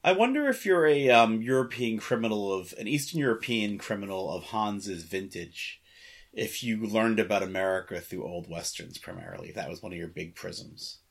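Kinda low guy on a podcast, thinks out loud, lots of pauses and restarts. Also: lively intonation, vocal fry. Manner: musing, halting, thoughtful. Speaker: podcast co-host. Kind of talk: casual chat.

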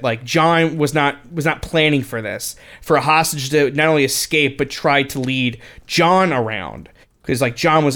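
A man's voice: medium pitch, fairly bright tone. A man co-hosting a casual film podcast, rambling with many restarts and retelling what others said. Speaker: podcast co-host. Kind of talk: casual film commentary chat.

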